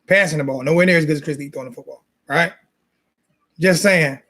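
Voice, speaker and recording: A man with a high voice rants fired-up about football, repeating himself and calling people names. He speaks in a casual, heated sports-talk style. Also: a little fast, fairly bright tone, slight background noise. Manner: repetitive, insulting, fired-up ranting. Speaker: sports talk show host.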